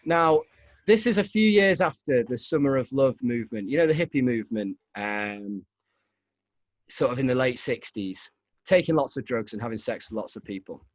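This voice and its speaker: A man's voice: medium pitch, expressive, normal speed, no room sound. Brief: male podcast host, rambling storyteller, dry close sound. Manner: rambling, laughing. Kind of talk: casual storytelling chat.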